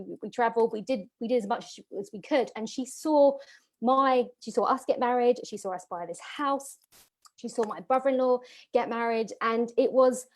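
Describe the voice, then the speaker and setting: A woman business coach shares a personal story with a masterclass audience, speaking emotionally and filling her talk with fillers and repeats. Her voice is a little high and slightly mellow.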